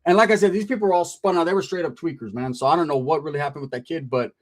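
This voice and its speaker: Man, podcast guest, fairly high voice, casual profane storyteller. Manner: profane, slangy, streetwise; animated, drawn-out telling with frequent "right?".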